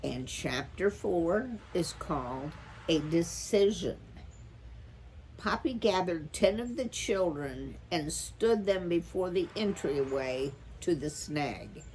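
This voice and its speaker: A woman reads a children's chapter book aloud with calm, measured storytelling. Her voice sits on the low side and she keeps an unhurried pace throughout. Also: a little hiss or hum, rough recording. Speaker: storytime reader.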